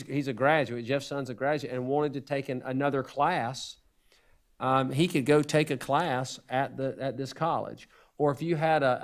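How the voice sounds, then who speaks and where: Earnest man reporting to a board. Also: mid-range voice. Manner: earnest, hesitant with many restarts and fillers. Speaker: school district administrator reporting to the board. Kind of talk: unscripted report at a board meeting.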